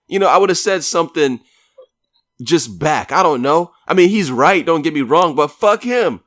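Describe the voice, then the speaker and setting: A man's voice: on the high side, animated, normal speed, a bit bright, no room sound, clean studio sound. A man co-hosting a podcast, telling a story about himself in a wry, self-mocking way with casual swearing. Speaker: podcast co-host.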